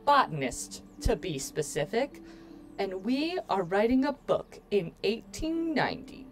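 A woman's voice: medium pitch, sing-song, measured pace, soft background music. A woman streaming a video game, talking casually with her viewers in a playful, joking way and addressing the chat often. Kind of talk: casual let's-play commentary.

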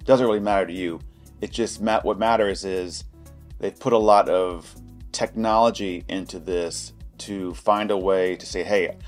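Guy with a lowish voice doing a laid back gadget review, chatty, faint music behind. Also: fairly even intonation, measured pace. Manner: chatty, anecdotal, loose and informal. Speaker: product reviewer. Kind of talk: casual product review.

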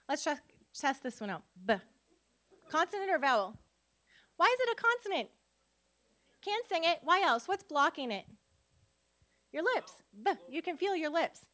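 A woman from Minnesota giving a live phonics workshop to tutors, sounding out letters and quizzing the audience. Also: sits high. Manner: lively, demonstrates sounds aloud, asks audience questions. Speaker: literacy educator, conference speaker. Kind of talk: live teaching talk to tutors. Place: conference room.

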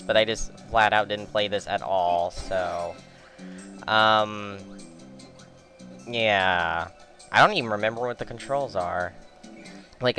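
A man's voice: fairly low pitch, sharp tone. A young man giving rambling, joking gameplay commentary, swearing at the bosses as he plays. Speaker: let's play commentator.

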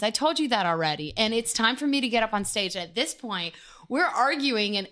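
A woman musician telling a story as a podcast guest, animated and full of swearing. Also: fairly high pitch, a little fast. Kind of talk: casual storytelling interview.

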